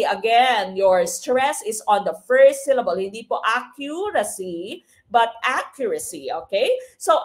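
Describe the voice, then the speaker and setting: A high-pitched woman with a Filipino accent runs a live online exam review class. She switches freely between English and Filipino and keeps checking in with viewers by asking "no?" at the end of her points. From Philippines. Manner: mixes English and Filipino, frequent tag "no?".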